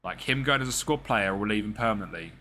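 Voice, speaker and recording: A man's voice: on the low side, animated, quick pace, pushed and bright, slight background noise. Chatty man narrating his game. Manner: chatty, slangy, talks to the game characters. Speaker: gaming streamer. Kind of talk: casual gameplay commentary.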